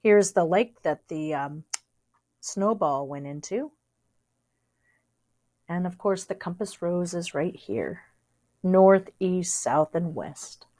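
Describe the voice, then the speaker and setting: A woman's voice: fairly low pitch, expressive, slow pace, long pauses, warm tone. A young adult woman reading a storybook aloud, with chatty asides to young listeners. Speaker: reader.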